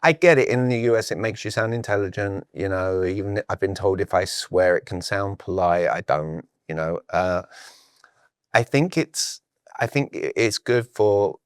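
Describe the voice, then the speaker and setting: British man telling lively stories. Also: low-pitched, moderate pace, dry recording, clean studio sound. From Britain. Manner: animated storyteller who acts out quoted exchanges. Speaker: sales coach and guest. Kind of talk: casual podcast conversation.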